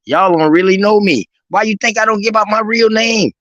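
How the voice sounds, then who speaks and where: A man, swearing and shouting down others in a heated argument on a live stream. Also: sits high, brisk, no room sound, highs cut off. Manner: angry, profane, confrontational.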